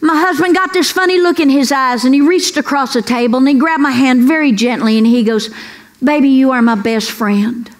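A woman's voice: high voice, a little fast, few pauses. A woman stand-up comedian telling folksy, punchy stories on a stage before a live audience. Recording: live show with audience laughter.

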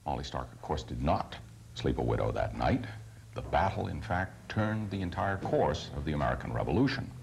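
A man with a New England accent, hosting a travel show and telling a history story in a measured way with dramatic pauses. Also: very deep voice, expressive, gravelly, darkish tone, slight background noise. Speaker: host. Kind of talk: storytelling narration.

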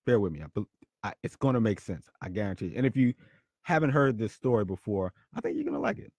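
A man hosting his own podcast, telling a story in a punchy, animated way and often repeating words. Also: lowish voice, fast talker, husky, dry recording. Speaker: podcast host. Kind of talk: storytelling monologue.

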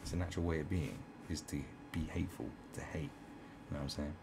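A man's voice: extremely low pitch, steady tone, a little fast, noisy background. A man giving crude, profane, rambling commentary in a ranting style. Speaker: online commentator.

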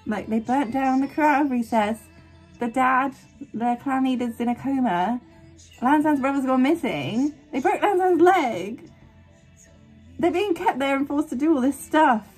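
A woman hosting a casual anime reaction, excitable and gasping, swinging between squeals and quiet murmurs. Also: high-pitched, a little slow, slightly rough, faint music behind. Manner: excitable, gasping, frequent exclamations. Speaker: anime reaction channel host.

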